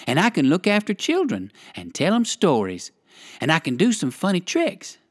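A storyteller voicing a polite, earnest old gentleman rabbit in a children's story, in a raised voice with very lively pitch. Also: normal speed, no echo, clean studio sound. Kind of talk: storybook character voice.

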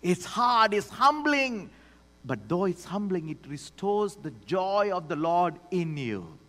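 A man preaching a sermon as pastor, swinging between loud declarations and hushed asides. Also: high voice, very animated, slow. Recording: long hall reverb.

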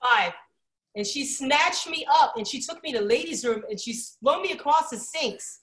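A woman's voice: sits high, moderate pace. A woman from Philadelphia in casual chat, telling stories expressively and acting out voices. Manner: expressive, acts out voices, laughs often.

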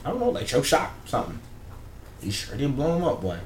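A man chatting casually as he walks through a TV episode scene by scene, in a loose, slangy, animated way. His voice sits at an ordinary middle pitch. It is picked up from a bit away from the mic, in a roomy space with a faint hum behind him. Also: a little fast, far from the mic. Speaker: podcast co-host recapping a TV episode. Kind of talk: casual chat.

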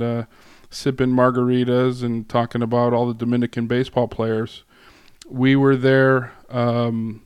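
Guy guest lecturing a class, lots of uhs and ums, smooth clear voice, dry close sound. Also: medium pitch, darkish tone, dry recording. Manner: halting, many fillers and restarts. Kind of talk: casual classroom talk.

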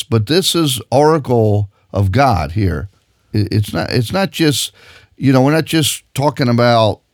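A man's voice: medium pitch, no echo, studio quality. A man preaching a sermon with emphatic, insistent delivery, reading scripture aloud and explaining it.

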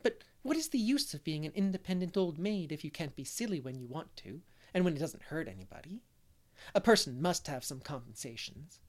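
A man reading aloud, voicing a lively middle-aged unmarried woman who loves make-believe and gushes over her guests. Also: on the high side, fairly quick. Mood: eager, fussy. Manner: gushing, fond of make-believe. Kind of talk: storybook character reading.

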